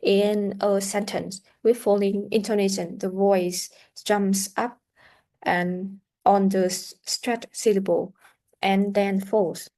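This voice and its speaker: A woman leads a pronunciation lesson in a slow, deliberate way. She models sounds carefully for learners to repeat, and her voice sits at a middle pitch. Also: little pitch movement, warm tone. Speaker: English teacher.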